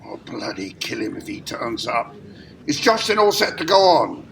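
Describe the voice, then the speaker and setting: A man's voice: mid-range voice, sing-song, moderate pace, vocal fry, fairly bright tone, slight background noise. An amateur actor playing an irritable male theatre director, curt and sardonic. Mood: exasperated.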